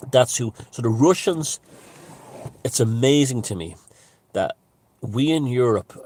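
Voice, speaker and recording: A man's voice: lowish voice, a little mellow. A man giving a casual, rambling monologue, emphatic and full of restarts and asides. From Ireland. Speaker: author and commentator.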